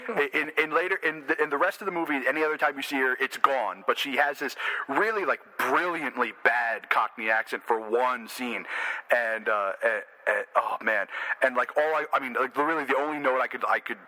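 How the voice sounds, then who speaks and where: Very bright-voiced animated man. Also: medium pitch, fairly quick, low-quality recording. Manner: animated, laughing, swears. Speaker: podcast co-host. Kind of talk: casual film-review chat.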